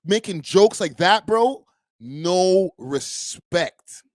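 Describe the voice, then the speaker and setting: A man's voice: sits high, expressive, very slow, no room sound. Young man, streamer host, profane, slangy, dry close voice. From Canada. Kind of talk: casual live-stream reaction.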